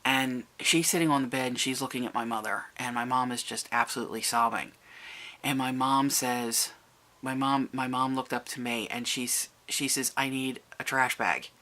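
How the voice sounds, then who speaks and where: A vlogger telling a personal family story to the camera, halting and restarting, and lifting the voice to act out quoted people. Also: mid-range voice, steady tone, pushed and bright. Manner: recounts events, raising the voice for quoted people.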